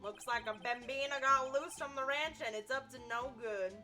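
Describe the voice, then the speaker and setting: A woman's voice: sits high, bright, forceful tone. A woman doing a drawling cowboy lawman. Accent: put-on cowboy drawl. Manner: slow, drawling, folksy. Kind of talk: reading game dialogue aloud.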